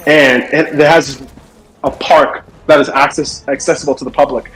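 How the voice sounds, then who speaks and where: A man's voice: mid-range voice, steady tone, moderate pace, fairly bright tone. A young man streaming, telling a funny story in casual chat and laughing often. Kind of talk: casual storytelling while gaming.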